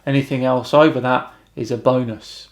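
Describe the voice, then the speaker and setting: A British man hosting a YouTube channel, reading out viewer comments and answering them with wry, deadpan remarks. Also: mid-range voice, moderate pace, creaky. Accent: British English. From Britain.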